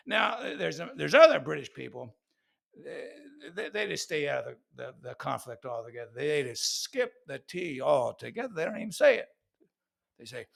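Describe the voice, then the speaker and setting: Gravelly American man, mock-serious musings. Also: mid-range voice, sing-song, moderate pace, a bit bright. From United States. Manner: playful, mock-serious, repeats words. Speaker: vlogger. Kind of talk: comedic monologue.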